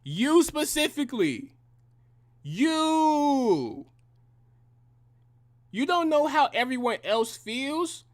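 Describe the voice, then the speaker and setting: A man's voice: extremely high pitch, sing-song, a little slow, few pauses. A young man delivering a heated, profane and combative reaction rant in slangy language. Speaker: reaction commentator.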